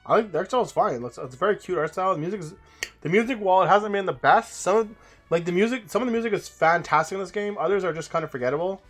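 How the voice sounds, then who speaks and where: Young male let's-player, casual rambling commentary, slightly high voice. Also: racing, fairly bright tone, faint music behind. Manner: rambling, chatty, with restarts. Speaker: let's play streamer.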